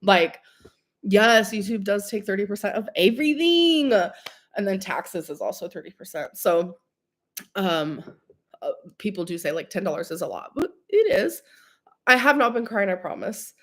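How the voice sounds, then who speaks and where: A woman's voice: mid-range voice, sing-song, moderate pace. A young woman, a live streamer, chatting casually with viewers in a rambling, filler-heavy way while sick. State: sick with a cold-like illness.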